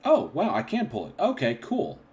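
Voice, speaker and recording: A man hosting a casual livestream, reading chat comments aloud and rambling with frequent throat clearing and restarts. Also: fairly high pitch, wildly swooping pitch, normal speed, a little mellow. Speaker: channel host.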